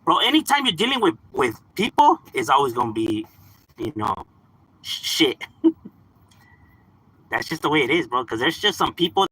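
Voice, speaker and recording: A young man chats loosely on a live stream, full of slang and quick laughs. His voice is husky and bright, and his pitch jumps around a lot. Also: low-quality recording. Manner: laid-back slang, mixes in Spanish words, laughs often. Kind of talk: casual live-stream chat.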